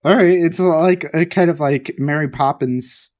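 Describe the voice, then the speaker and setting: A man co-hosting a podcast, telling stories in a rambling, excitable way. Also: fairly high pitch, measured pace. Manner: rambling, excitable storytelling with restarts. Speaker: podcast co-host. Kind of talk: casual chat.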